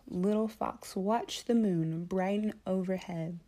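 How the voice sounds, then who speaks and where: A woman storyteller reading a children's picture book aloud, slow, calm and clear. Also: medium pitch.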